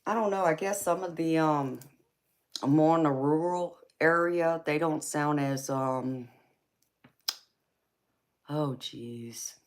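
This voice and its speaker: A woman's voice: sits low, takes it slowly, pauses often. A woman with a Southern US accent hosting a casual live stream, laughing often and calling her viewers baby and honey. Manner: laid-back, giggly, calls viewers baby and honey. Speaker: tarot reader and livestream host.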